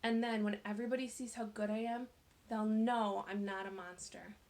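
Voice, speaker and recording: A woman's voice: mid-range voice, steady tone, normal speed, a little mellow, recorded from a distance, natural voice. A woman voicing a troubled boy who earnestly tries to behave. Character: troubled boy trying to be good.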